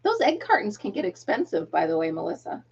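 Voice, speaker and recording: A woman's voice: medium pitch, huge pitch swings, a little fast, gravelly, breathy edge, lo-fi sound. A middle-aged woman hosting a casual crochet livestream, chatting, laughing often and counting stitches aloud, with a tickle in her throat. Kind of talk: casual chat while crocheting.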